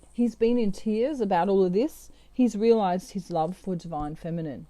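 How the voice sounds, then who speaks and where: Chatty woman with a very dark voice. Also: mid-range voice, no echo. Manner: chatty, with frequent fillers and asides. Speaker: tarot reader. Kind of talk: casual channelled tarot reading.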